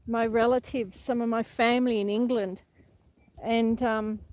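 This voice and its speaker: A woman's voice: fairly high pitch, flat delivery, measured pace, darkish tone. A woman with an Australian accent hosts a live stream while walking through a paddock on her rural property. She chats in a rambling way, laughs often and answers comments from her viewers. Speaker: homestead vlogger hosting a live stream.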